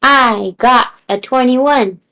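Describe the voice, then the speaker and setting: Soft-spoken hesitant woman player. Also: sits high, slow pace, rough recording. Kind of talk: casual tabletop game chat.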